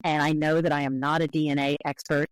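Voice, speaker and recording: A woman's voice: deep voice, little pitch movement, fast, dry recording, low-quality recording. Woman linguist explaining, dry close mic. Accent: American English. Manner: clear, explanatory, careful qualifications. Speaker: guest linguist. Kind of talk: podcast interview, explaining.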